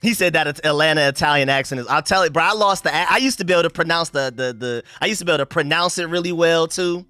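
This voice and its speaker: Bright, slangy young male streamer. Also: a little high, quick pace, hardly any pauses, clean tone, no echo, soft background music. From United States. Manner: loose, slangy and rambling, with frequent restarts. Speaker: sports livestream host. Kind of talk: casual live-stream chat reading viewer comments.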